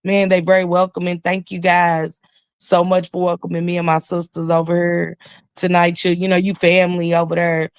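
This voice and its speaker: A woman's voice: fairly low pitch, level tone, moderate pace, smooth, no echo, studio quality. A woman talking as a YouTube commentator in a casual livestream chat, with emphatic, preachy storytelling.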